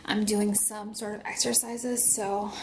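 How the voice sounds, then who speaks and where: Young woman, vlog, out of breath, breathy half-whisper, gravelly edge, high-ish voice, faint hiss. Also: little pitch movement, a little slow, darkish tone. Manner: rambling, chatty. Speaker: vlogger. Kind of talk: casual vlog chat. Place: home.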